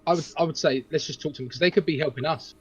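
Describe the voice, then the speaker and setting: A man playing a tabletop game, joking and talking in halting bursts. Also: on the high side, breathy edge, dry recording, highs cut off. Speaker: player. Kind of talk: casual tabletop play.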